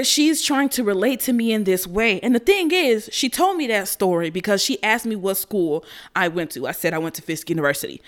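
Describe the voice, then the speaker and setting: A young American woman telling a personal story in a blunt, profane, animated way, laughing often. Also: medium pitch. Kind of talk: candid storytelling.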